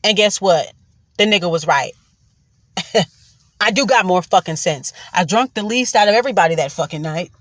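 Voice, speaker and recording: A woman's voice: lowish voice, lively intonation, moderate pace, long pauses, no room sound. A woman host tells a personal story in a loose, casual monologue. She is blunt and profane, and she keeps circling back to stress her points with repeated asides.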